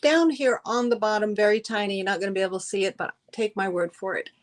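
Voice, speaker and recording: A woman's voice: mid-range voice, steady tone, fast talker. A middle-aged woman hosting a live-stream sale, chatting effusively with viewers, with many fillers and restarts. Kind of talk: live-stream selling chat.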